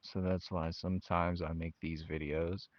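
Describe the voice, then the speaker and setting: A man's voice: sits low, little pitch movement, normal speed, dry recording. A young man talking frankly to his channel viewers, venting about his family and quoting them in mocking voices. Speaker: channel host. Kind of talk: personal talk to camera. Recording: dull lo-fi mic.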